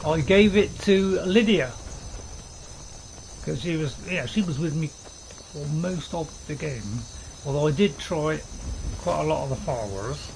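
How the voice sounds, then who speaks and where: A man's voice: fairly high pitch, animated, unhurried, gravelly, long pauses, darkish tone, poor audio. A man streaming a game and chatting casually, rambling and restarting his sentences in an easygoing way. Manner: rambling, easygoing, self-interrupting. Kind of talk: casual gameplay commentary. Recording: constant cricket and insect noise behind.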